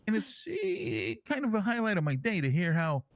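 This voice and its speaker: A high-pitched man with vocal fry speaks at normal speed on a dry recording, heavily acted. In character for an online role-play, he plays a brash, foul-mouthed, crude crime-family man who calls himself king. He's boastful, a rambling storyteller who swears constantly and stays lively and animated.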